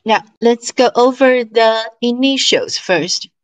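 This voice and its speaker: A woman leads an online language lesson, drilling syllables and tones one at a time for her class to repeat. She speaks at a very slow, deliberate pace. Her voice sits a little high. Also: low-quality recording. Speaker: Chinese language teacher.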